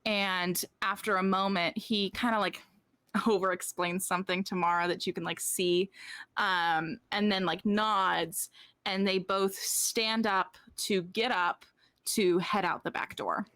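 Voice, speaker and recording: A woman narrating a tabletop game as game master, unhurried and full of "like" and "um" fillers. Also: medium pitch, steady tone, fairly bright tone, no echo.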